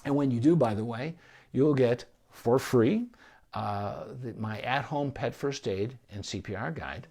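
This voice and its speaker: A man speaking as a veterinarian in a live-streamed Q&A. He gives calm, measured explanations with pauses and small restarts. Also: mid-range voice. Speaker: veterinarian answering viewer questions. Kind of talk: live-streamed Q&A advice talk.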